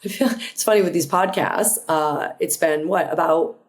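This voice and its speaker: A woman with a fairly low voice hosts her own podcast alone, talking earnestly and reflectively. She often starts a phrase over and then carries on, and now and then drops in a quick aside. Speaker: podcast host. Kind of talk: motivational solo podcast talk.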